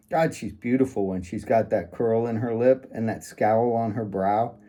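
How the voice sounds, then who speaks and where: A man's voice: mid-range voice, dark tone. A man reading first-person fiction aloud in a wry, sardonic manner. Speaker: audiobook narrator.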